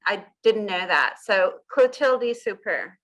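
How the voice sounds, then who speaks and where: A woman's voice: medium pitch, animated, takes it slowly, fairly bright tone. A woman hosting a casual interview chat, upbeat, repeating words back and laughing at her own slips. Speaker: host.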